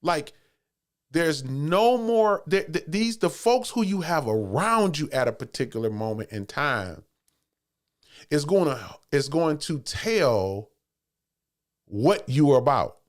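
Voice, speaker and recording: A man's voice: a little high, sing-song, slow pace. A man hosting his own channel, delivering a repetitive, preachy motivational monologue full of stammered restarts. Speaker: channel host.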